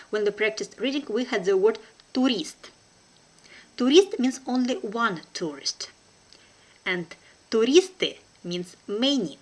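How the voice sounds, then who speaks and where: A woman with a Russian accent, a native Russian speaker, teaching a language lesson online in a careful, deliberate way with frequent hesitations. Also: medium pitch.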